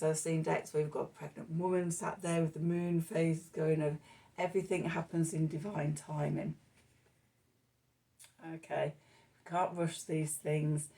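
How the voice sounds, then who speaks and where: A woman talks through a tarot spread in an unhurried, meandering way. Her voice sits a little low and sounds warm and relaxed. She pauses often with soft fillers while she gathers her thoughts. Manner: meandering and reflective, many fillers. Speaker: tarot reader. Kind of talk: spoken tarot reading.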